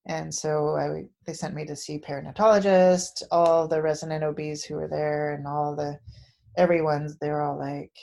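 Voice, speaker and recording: A woman in her thirties telling a personal story in a candid, emotional way, halting often with fillers. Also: deep voice, level tone, vocal fry, dark tone.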